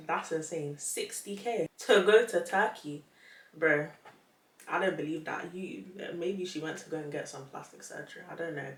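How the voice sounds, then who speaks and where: A woman's voice: low-pitched, moderate pace. Young woman, echoey and distant. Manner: laughs often, animated and incredulous. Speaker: vlogger. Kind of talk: casual reading of online posts. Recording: echoey room, mic at a distance.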